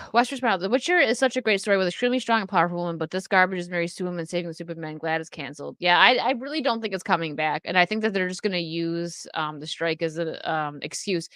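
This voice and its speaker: A woman's voice: fairly low pitch, bright, forceful tone, dry recording. A young adult woman casually chatting on a live stream, reading and answering viewer comments with lots of fillers.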